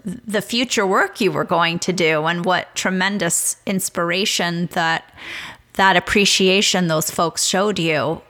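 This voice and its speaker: A woman with a fairly low but very bright, forward voice interviews a guest. She responds in a supportive, affirming way. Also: measured pace. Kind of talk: interview conversation.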